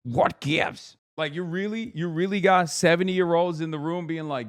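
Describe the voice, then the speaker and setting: Man, streamer, political commentary, mid-pitch, sarcastic, swears a lot. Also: fairly even intonation, moderate pace, few pauses, smooth. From United States. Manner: profane, sarcastic, loose and ranting.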